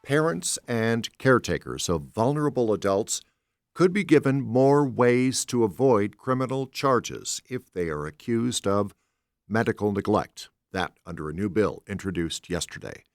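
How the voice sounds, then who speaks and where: A man hosting a public radio news program, reading the day's stories in a measured, conversational delivery from a studio microphone. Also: fairly low pitch, lively intonation, no echo. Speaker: news host.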